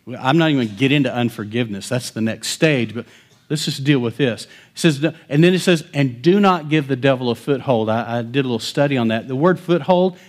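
Man preaching, hushed then booming. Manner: storytelling, swings from hushed to loud and emphatic. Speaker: pastor. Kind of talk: sermon with personal story.

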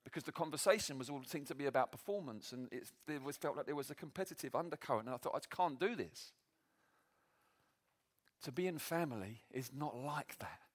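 A man preaching a sermon to a church meeting, animated and self-deprecating, often breaking into laughter. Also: medium pitch, fast, hardly any pauses.

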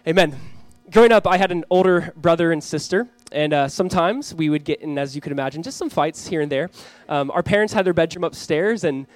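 A pastor in his thirties earnestly delivers a Christmas Eve sermon, reading scripture slowly and acting out family scenes. His voice is a little high, and the recording is rough, with no room sound.

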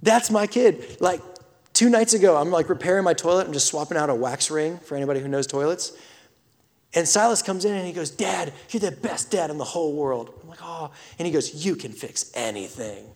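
A man in his thirties delivers a sermon in a slightly raised voice. He belts out the scripture, then drops to hushed, intimate whispers. A long hall reverb trails every phrase. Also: fairly high pitch, fairly quick. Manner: swings from loud scripture reading to hushed whispers. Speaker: pastor.

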